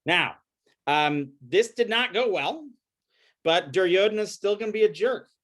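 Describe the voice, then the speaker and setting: A man lectures with a lively, swooping voice that sits a bit high for a man. He tells the story with animation and briefly acts out each quoted line. It sounds like a recorded class talk. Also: moderate pace.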